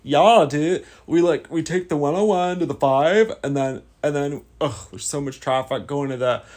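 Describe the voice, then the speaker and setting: A man's voice: a little high, normal speed, darkish tone, pitched above the performer's own voice, close to an everyday voice. A man putting on a laid-back California dude, drawling in a playful sketch-comedy impression. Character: laid-back surfer-dude male Californian, traffic-obsessed.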